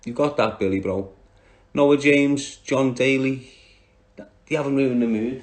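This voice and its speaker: On a livestream, a Scouse-accented man from Liverpool, England, bluntly and combatively responds to viewers by name. His mid-range voice moves at a measured pace with long pauses.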